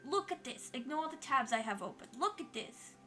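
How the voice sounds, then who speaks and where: A young woman streamer with a high-pitched voice chats casually with her viewers while drawing, talking at normal speed in an excitable, chatty way and swearing freely. Faint music plays in the background.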